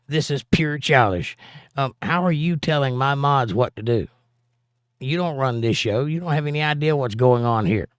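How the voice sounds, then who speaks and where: A man's voice: medium pitch, moderate pace, smooth, no echo, clean studio sound. A man hosting a live stream, reading chat aloud and answering with blunt, sarcastic put-downs.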